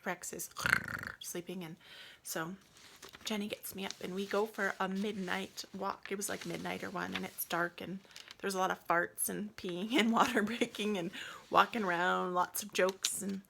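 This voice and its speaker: Woman vlogger, intimate storytelling, emotional, slips into soft near-whispers, mid pitch. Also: fairly even intonation, moderate pace, gravelly, noisy background. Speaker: yoga vlogger telling her birth story. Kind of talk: casual personal storytelling.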